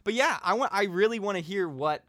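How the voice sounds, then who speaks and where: A man's voice: high-pitched, lively intonation, a little fast, sharp tone, no echo, clean studio sound. A young man hosting a casual chat, eager and jumping in often. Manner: eager, interjecting, often restarts mid-sentence. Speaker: host.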